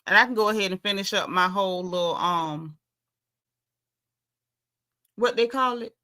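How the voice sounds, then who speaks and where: Sassy Southern woman, bright voice. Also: mid-range voice, moderate pace. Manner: sassy, blunt, chatty with dialect. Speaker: livestream host. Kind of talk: casual livestream chat, reading comments.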